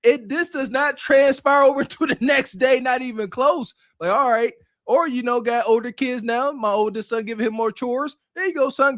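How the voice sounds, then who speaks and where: Middle-aged male podcast co-host, high-pitched, animated preachy delivery. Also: normal speed, hardly any pauses, dry recording, studio quality. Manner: animated, preachy, laughs often. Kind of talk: casual chat reacting to clips.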